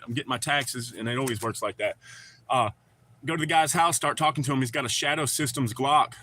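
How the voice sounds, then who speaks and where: Bright-voiced laid-back man. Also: mid-range voice, fairly quick, slight background noise. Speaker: livestream host. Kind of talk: casual live chat reading comments.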